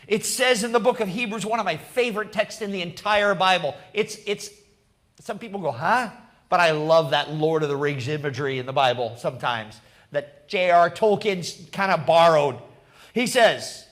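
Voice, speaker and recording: Preaching at a moderate pace, a man serving as pastor dramatizes the story in his sermon, shifting from a quiet hush to loud bursts. He speaks directly to the congregation and laughs a lot.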